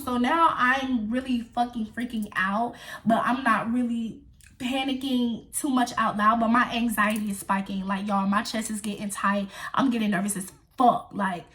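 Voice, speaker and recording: A young woman vlogger telling a casual storytime to her viewers, animated and profane, often calling them y'all. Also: on the high side, normal speed.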